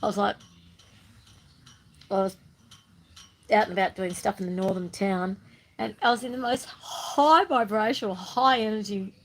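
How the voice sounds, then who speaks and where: A woman's voice: mid-range voice, moderate pace, long pauses, a little hiss or hum, low-quality recording. A woman talking casually to the camera in a bubbly, chatty way, with playful sing-song bursts. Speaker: spiritual vlogger. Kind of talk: casual monologue.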